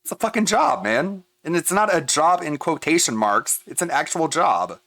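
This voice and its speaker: A man streaming, reacting to a video with animated, exasperated commentary, laughing often and swearing. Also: on the high side, normal speed, dry recording.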